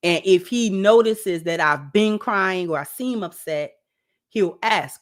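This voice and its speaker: A woman giving casual relationship advice to camera, talking conversationally, repeating phrases and dropping low and soft for asides. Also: takes it slowly. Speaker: relationship vlogger.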